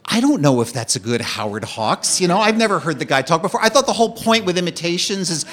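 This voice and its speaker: Wry male storyteller. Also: quick pace. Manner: wry, animated delivery that drops low and quiet for dark moments. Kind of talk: personal storytelling monologue.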